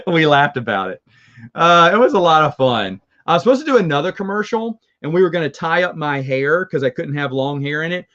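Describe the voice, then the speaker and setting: A man's voice: on the high side, lively intonation, normal speed, a bit bright, lo-fi sound. A man with a Southern accent, hosting a review show and chatting casually with viewers, rambling and chuckling as he goes. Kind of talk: casual live chat with viewers.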